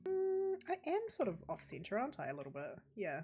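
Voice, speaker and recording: A woman's voice: medium pitch, wildly swooping pitch, a little fast, warm tone, soft background music. A woman with a New Zealand accent streams a game from home, rambling and chatty and laughing often as she talks to her chat and her pets. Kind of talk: casual live-stream chatter while playing.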